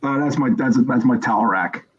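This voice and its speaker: Husky, hesitant man with a Jersey accent. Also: medium pitch, muffled recording. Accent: New Jersey. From New Jersey, USA. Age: 40s. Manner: hesitant, halting, many fillers. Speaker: guest caller. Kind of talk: casual chat.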